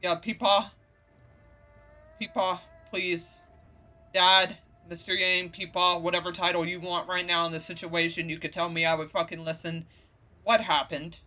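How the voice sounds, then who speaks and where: A man's voice: sits high, flat delivery, moderate pace, sharp tone, faint music behind. A man ranting profanely and indignantly while commentating a game playthrough. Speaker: gaming streamer. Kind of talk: let's play commentary.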